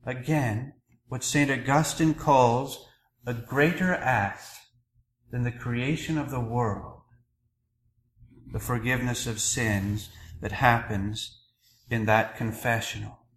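A man preaching a sermon as a priest, earnest and measured, pausing between phrases. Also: medium pitch, fairly even intonation, roomy sound, slight background noise, poor audio. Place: church.

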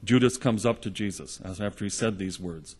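Husky-voiced man preaching a sermon. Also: on the low side, a little fast. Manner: earnest storytelling, retelling gospel scenes in the present tense.

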